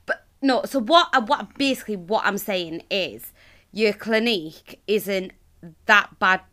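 A woman's voice: medium pitch, unhurried, sharp tone. A woman co-hosting a podcast, chatting casually and explaining things with restarts. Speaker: podcast co-host. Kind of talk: casual chat.

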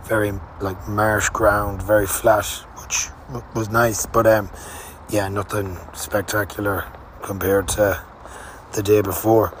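A man's voice: lowish voice, level tone, slow pace, slight background noise. A young man hosting a podcast, telling a rambling, casual travel story with fillers and the odd swear word. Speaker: podcast host. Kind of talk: casual spoken travel diary.

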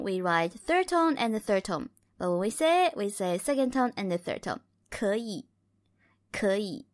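A woman hosting a podcast language lesson, playful and correcting herself with little jokes, slowing down to model words carefully. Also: high voice, no room sound, studio quality. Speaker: Mandarin teacher and podcast host.

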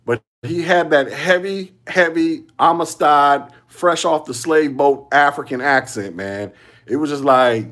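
A man's voice: fairly high pitch, measured pace, fairly bright tone. A man hosting a solo podcast, giving casual commentary in loose slangy talk, repeating himself and chuckling often. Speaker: podcast host.

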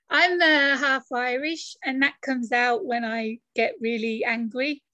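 A woman's voice: high-pitched, slow pace, pauses often, pushed and bright, no room sound. A woman hosting a podcast, chatty and friendly, with plenty of filler words. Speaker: podcast host. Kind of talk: casual interview chat.

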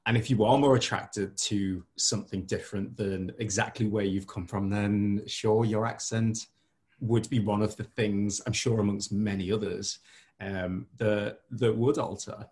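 A man's voice: on the low side, fairly even intonation, moderate pace, a little mellow. A man with a Liverpool Scouse accent chats casually as a podcast host. He laughs often and drops in the odd swear word. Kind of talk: casual chat.

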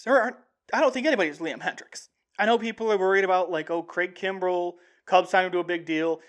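Excitable high-voiced man talking sports. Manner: excitable, rambling with frequent restarts. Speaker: sports podcast host. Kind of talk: casual sports talk monologue.

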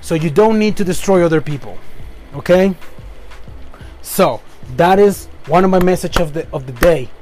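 Earnest Spanish-accented man, high voice. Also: normal speed, a little mellow, faint music behind. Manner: earnest, rephrases himself often, ends points with "okay?". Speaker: podcast host. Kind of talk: motivational monologue.

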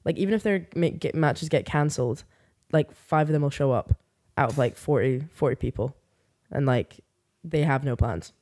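A young woman, a podcast guest chatting casually and telling animated, sarcastic stories. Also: sits low, normal speed. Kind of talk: casual chat.

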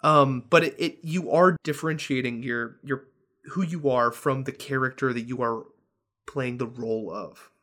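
A man, a dungeon master, talking casually on a podcast over a video call, animated, with many restarts and frequent laughs. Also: mid-range voice, normal speed.

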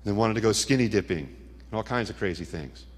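A man's voice: lowish voice, lively intonation, a little fast. Middle-aged man preaching in a hall. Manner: dramatic storytelling with punchy asides. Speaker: Christian speaker. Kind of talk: testimony sermon. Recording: long hall reverb.

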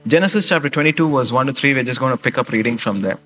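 A man's voice: medium pitch, racing, fairly bright tone, faint music behind. A male pastor preaching a sermon in a conversational way, often checking in with the congregation with questions and "okay?".

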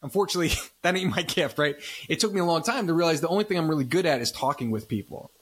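Speaking very fast with lively intonation, this man has a slightly high voice with a breathy edge. The LA-based podcast host keeps a casual interview chat going, talkative and frequently tacking "right?" onto what he says.

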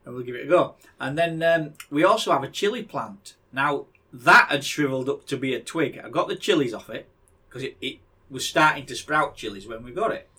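Man, middle-aged, husky, lively pitch, rambling casual podcast chat. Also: brisk. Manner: rambling, repeats words when starting. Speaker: podcast co-host.

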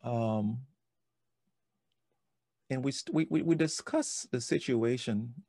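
A man in his forties, a podcast host, telling a personal story in an animated way, often repeating and restarting words. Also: mid-range voice, takes it slowly, no room sound.

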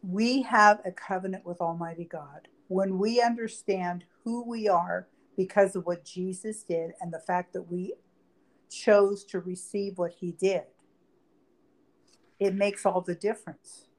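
A woman's voice: medium pitch, steady tone, a little slow. A woman reading Bible verses aloud and explaining them in conversation as a podcast co-host. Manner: reads scripture aloud then explains it conversationally. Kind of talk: Bible study talk.

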